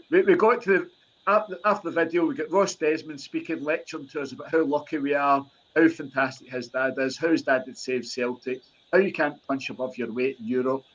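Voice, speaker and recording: Guy on a podcast telling what he saw, mid voice, brisk, stumbles a bit then carries on. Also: medium pitch, poor audio. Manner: brisk eyewitness storytelling with restarts. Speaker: podcast co-host. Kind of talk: casual podcast recap.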